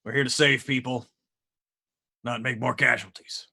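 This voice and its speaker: A man's voice: mid-range voice, fairly even intonation, moderate pace, creaky, sharp tone, husky, heavily acted. A man voicing a stern male city official who gives grave warnings to a crowd of volunteers.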